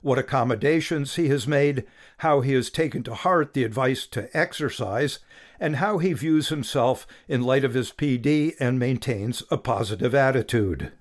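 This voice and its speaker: A man interviewing a guest, asking questions in a calm and friendly way. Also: mid-range voice, normal speed.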